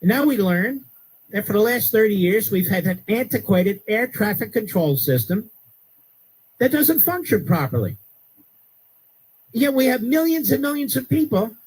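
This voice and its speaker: Man, talk radio host, high husky voice, emphatic political monologue. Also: poor audio. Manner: emphatic, rising to sharp high-pitched outbursts.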